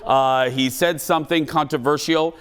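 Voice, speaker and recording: A middle-aged man hosting a studio talk show, telling a self-mocking story in an animated way. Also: fairly high pitch, moderate pace, clear, resonant tone. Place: TV studio with live audience.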